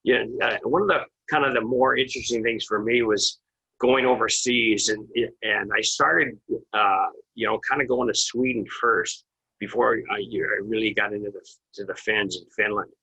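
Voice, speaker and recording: A man's voice: on the low side, moderate pace, sharp tone, rough recording. A man, a former assistant hockey coach, telling a rambling, chuckling recruiting story as an interview guest. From Minnesota. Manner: rambling, frequent restarts and chuckles.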